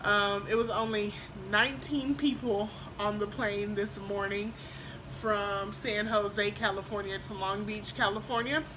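A young adult woman chatting in a vlog as a flight attendant, excited and emotional, with lots of fillers. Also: medium pitch, a little slow, noisy background. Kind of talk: casual vlog chat.

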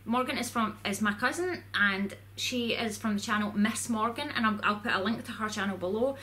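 A woman's voice: medium pitch, brisk, sharp tone. A woman vlogger chatting casually to camera in a rambling way, full of "like"s.

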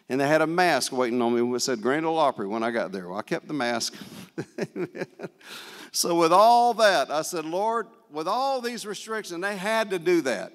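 An older man with a slightly high voice tells stories in a folksy, animated way, dropping in praise and amens as he goes. His voice carries a long reverb from a large church sanctuary. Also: normal speed. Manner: folksy, animated storyteller with frequent praise interjections. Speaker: guest speaker and guitarist at a church service. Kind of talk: storytelling testimony in a church service.

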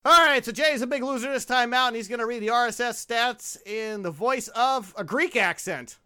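A man hosting a comedy podcast, joking around, laughing loudly and calling out names. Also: very high voice, moderate pace, smooth. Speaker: podcast host.

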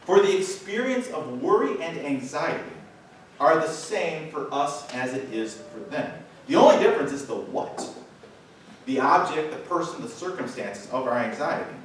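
A man's voice: on the high side, expressive. Man preaching in an echoey church. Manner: emphatic, varied delivery with dramatic slow pauses. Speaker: pastor. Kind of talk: sermon. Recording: echoey distant church sound with faint room noise.

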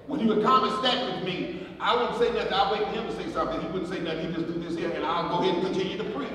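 A man, a pastor, preaching a eulogy sermon with animated storytelling and repetitions, recorded from a distance in a church sanctuary before a congregation. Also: high-pitched, rapid-fire. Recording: echoey church hall recorded from far off, crowd audible.

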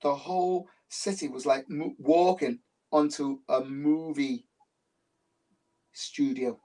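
A man's voice: on the high side, fairly even intonation, slow, dark tone. A man, an interview guest who tells his stories with animation and repeats phrases for emphasis. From Liverpool, England. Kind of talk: casual interview talk. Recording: voice distant from the mic.

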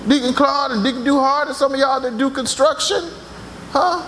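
A man's voice: very high voice, moderate pace, sharp tone, a little hiss or hum. A man preaching a passionate sermon in a church, tossing out call-and-response asides to the congregation. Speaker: pastor. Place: church sanctuary.

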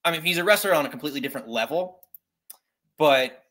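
Man, podcast host, upbeat, bright forceful tone, casual chat. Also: on the high side, expressive, fast talker. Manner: upbeat, steers the segment.

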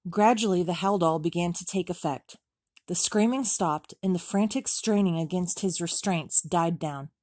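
Low-voiced woman reading a memoir. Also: normal speed, a little mellow, no room sound, clean studio sound. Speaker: audiobook reader.

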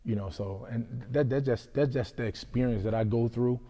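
A man's voice: medium pitch, normal speed, mellow. A young man who fights in MMA, answering interview questions in a loose, rambling way, often adding "you know what I'm saying.". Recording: hall reverb.

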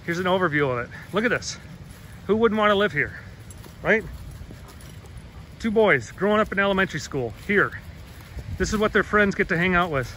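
Man in his 30s with a high voice, dramatic outdoor vlogger, handheld camera with noisy outdoor background. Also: animated, normal speed, pauses often, sharp tone. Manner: earnest and dramatic, addressing viewers as folks. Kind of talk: casual outdoor vlog walk-and-talk. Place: outdoors by a pond. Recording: outdoor ambient noise.

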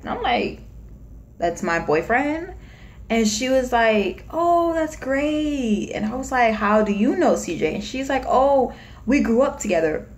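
A woman's voice: a little high, moderate pace. A young woman from Florida telling a personal story to the camera in a casual, chatty way, acting out what people said. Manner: chatty, animated retelling with acted-out quotes. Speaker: vlogger.

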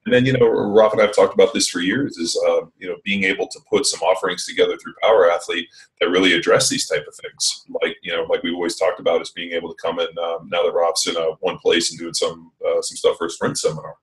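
A man's voice: sits low, level tone, fast, echoey room, far from the mic, rough recording. A man hosting a podcast in casual chat, rambling and swearing freely, with lots of fillers. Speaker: podcast host.

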